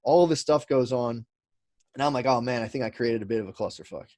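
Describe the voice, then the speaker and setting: A man's voice: mid-range voice, a little fast, darkish tone, no room sound. A man telling a long story as a podcast guest, rambling with lots of fillers, restarts and swearing. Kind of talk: casual storytelling chat.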